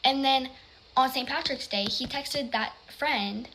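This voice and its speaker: A woman telling a personal story in casual chat, rambling with lots of "like" and sometimes dropping to a hushed whisper. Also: sits high, a little slow, a little hiss or hum. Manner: rambling, heavy use of "like".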